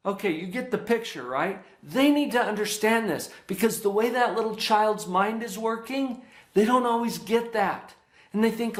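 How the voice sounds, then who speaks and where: A middle-aged psychologist presents a parenting workshop, sounding earnest and teacherly and often checking that everyone is following along. His voice is high and his pace normal, and the room has an echo.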